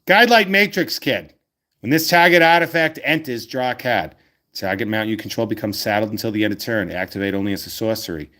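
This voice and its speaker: A man's voice: on the low side, fast, fairly bright tone. Enthusiastic man reading card text. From Massachusetts. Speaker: host. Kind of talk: casual card-opening chat.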